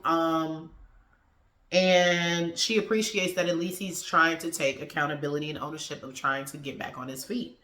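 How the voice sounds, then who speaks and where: A woman's voice: on the low side, steady tone, unhurried, fairly bright tone, reverberant. A woman giving a casual, slangy review of a TV episode and acting out the characters' lines as she goes.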